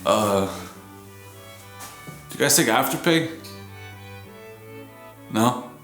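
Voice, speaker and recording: A man's voice: mid-range voice, animated, very slow, a bit bright, echoey room, faint music behind. A man playing a pompous, crude male art snob with a haughty manner. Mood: desperate. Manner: haughty, then pleading and frantic.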